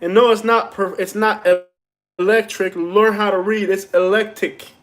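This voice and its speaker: A man with a notably high voice talks loosely to his viewers on a phone live stream at home. He rambles, jokes and complains in a playful, mock-aggrieved way. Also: fairly even intonation, normal speed, a bit bright. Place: at home indoors.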